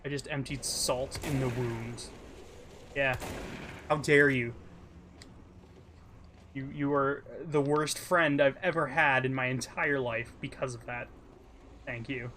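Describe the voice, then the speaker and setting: A man's voice: medium pitch, fairly even intonation, slow pace, pauses often, sharp tone, slight background noise. A tired man streaming a game live, chatting casually and breaking into exclamations and laughter. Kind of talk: casual gaming stream chat.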